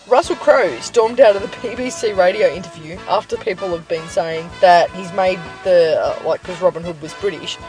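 A woman's voice: lowish voice, moderate pace, few pauses, darkish tone, soft background music. A woman with an Australian accent co-hosting a podcast, telling stories and giggling while chatting in a moving car. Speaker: podcast co-host. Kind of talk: casual chat.

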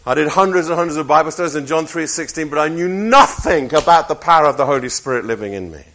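A man's voice: a little high, expressive, fast talker, a bit bright. Wry older man telling his testimony. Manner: wry storytelling with self-mocking humor. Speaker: preacher. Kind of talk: personal testimony talk.

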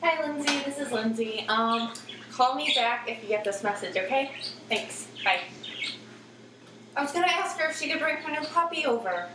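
A woman's voice: high-pitched, lively intonation, moderate pace. A woman chatting at a meal, talkative and full of stories. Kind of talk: casual chat at a meal. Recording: echoey room, noisy, mic far off. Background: clattering dishes and cutlery.

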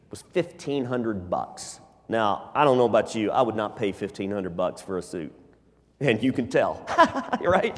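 A male pastor preaching a sermon in a church, telling stories with animated delivery. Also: mid-range voice. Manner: animated storyteller, acts out scenes. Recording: long hall reverb.

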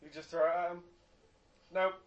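A man's voice: a little high, little pitch movement, normal speed, dull audio. A man chatting casually with friends while watching a film, teasing and giggly. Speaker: movie watcher. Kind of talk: casual group chat reacting to a film.

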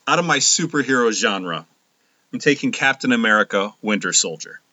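A male podcast co-host chatting casually with quick, joking banter. His voice has a bright, forceful edge. The recording is dry and a little dull. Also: mid-range voice, sing-song, no echo. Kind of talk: casual chat.

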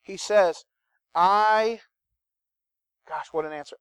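A man preaching a sermon in an animated, conversational way, with asides to the congregation. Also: high-pitched, a little slow, pauses often, clean tone, dry recording. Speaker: pastor.

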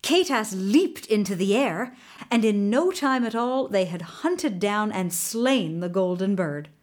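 A woman's voice: mid-range voice, expressive, unhurried, a little mellow. A woman narrating a folk tale from a storybook, reading with voiced characters.

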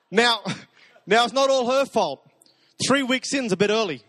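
A man preaching a sermon, telling stories in a conversational way and dropping to soft, intimate repetitions. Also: extremely high pitch, dry recording. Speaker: pastor.

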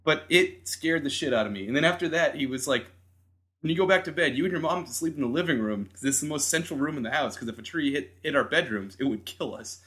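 A man's voice: fairly high pitch, lively intonation, fast talker, fairly bright tone. A man co-hosting a podcast, telling a story in casual chat, acting out voices and laughing as he goes. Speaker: podcast co-host.

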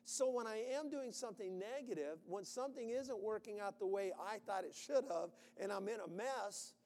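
A man preaching a sermon in an animated way, breaking into sudden shouts as he acts out worried voices. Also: high-pitched, moderate pace, in a large hall.

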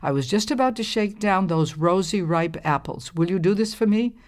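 A woman reading a storybook aloud and voicing a gentle, patient old woman with a firm, motherly manner. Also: medium pitch, animated, moderate pace, close to an everyday voice. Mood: kindly.

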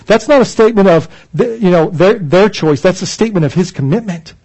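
A pastor preaches a sermon, reading scripture aloud and explaining it earnestly and emphatically, often restarting his phrases. His high voice is very animated, with a darkish tone at normal speed, and the audio is poor.

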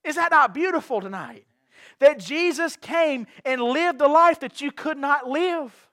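Man, pastor, very high voice, dry close sound, earnest, repeats himself, questions the congregation. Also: lively intonation, a little slow, fairly bright tone, no echo. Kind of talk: evening sermon. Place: church sanctuary.

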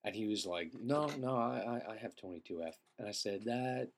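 A young man who feels sick, telling a rambling, profane comedic story and often clearing his throat. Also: on the low side, moderate pace. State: feeling sick. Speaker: podcast host.

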